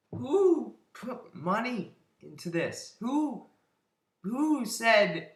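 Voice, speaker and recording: Exasperated man ranting, bright lively voice. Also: high voice, slow pace. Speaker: online movie reviewer. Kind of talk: ranting movie review. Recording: roomy echo.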